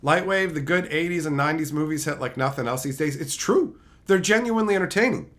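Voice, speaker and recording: On a live stream, a man with a brisk, fairly bright voice on the high side rants with sarcasm and swearing. He's reviewing and chatting, responding to chat as he goes.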